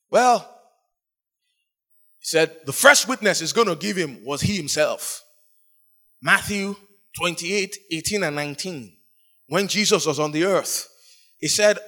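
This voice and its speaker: Storytelling preacher with a higher male voice. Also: fairly bright tone. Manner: storytelling preacher, voicing quoted speakers, sudden emphatic rises. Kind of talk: sermon.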